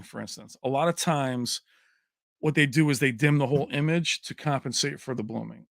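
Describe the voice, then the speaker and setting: On his tech livestream, a man chats with viewers in a casual, chummy way and calls them baby. His medium-pitched voice has vocal fry, and the dry recording has clean studio sound.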